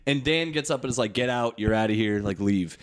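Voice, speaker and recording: A man hosting a comedy podcast, telling stories in casual chat and acting out the people in them with loud, shouty voices. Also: medium pitch, fairly quick, a loud crowd. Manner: animated, acts out quotes in loud shouty voices.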